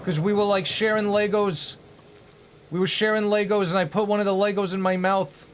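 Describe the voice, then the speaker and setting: A man's voice: high voice, little pitch movement, moderate pace, a little hiss or hum, natural voice. A man putting on a crude, brash little Italian-American plumber, taunting and rambling in an improvised comedy bit.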